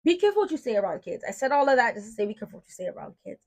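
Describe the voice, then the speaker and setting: A woman speaking emphatically in a casual vlog, pitched a bit above average. She is direct and outspoken and makes her points with firm, lecturing insistence. She sounds protective and sure of herself. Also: sing-song, rapid-fire, a little mellow. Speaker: mom and beauty vlogger.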